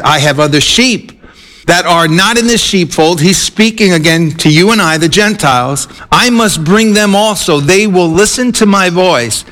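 A man preaching a sermon in a high, light voice. He talks earnestly, climbing into emphatic peaks and then stretching key phrases out slowly. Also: fairly bright tone. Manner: earnest, rising to emphatic peaks and slowing to drawn-out stresses.

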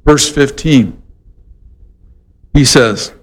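A man preaching a sermon, animated and conversational, with playful voiced asides. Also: mid-range voice, extremely slow, big-room sound. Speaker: pastor.

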